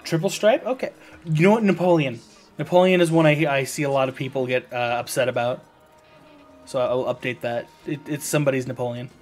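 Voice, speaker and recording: A man's voice: medium pitch, brisk, a little mellow, faint music behind. An American man casually rambling to viewers while streaming a video game, often correcting himself mid-sentence. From United States.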